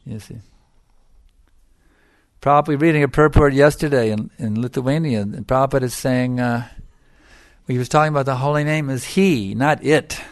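A middle-aged man with a gravelly, creaky voice, giving an emphatic devotional lecture. He repeats his phrases for stress, and the recording is close and dry. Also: mid-range voice, moderate pace, pauses often, no room sound. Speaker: spiritual teacher.

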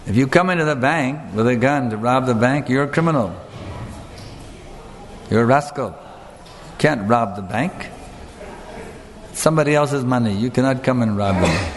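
A man's voice: mid-range voice, expressive, normal speed, pauses often, slight background noise. Earnest man lecturing in an echoing hall. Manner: earnest, emphatic, asks the audience questions. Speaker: spiritual teacher. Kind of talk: devotional lecture. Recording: long hall reverb, faint room ambience.

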